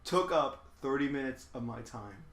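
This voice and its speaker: A man's voice: medium pitch, lively intonation, moderate pace. A young man casually complaining about a customer at his retail job, swearing often. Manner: profane, exasperated storyteller. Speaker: podcast co-host. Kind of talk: casual chat. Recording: echoey room.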